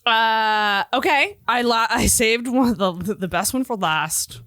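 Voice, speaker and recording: Female co-host, candid and giggly, bright sharp voice, dry close mic. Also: a little high, measured pace, no echo. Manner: candid, laughs often. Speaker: podcast co-host. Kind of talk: casual banter.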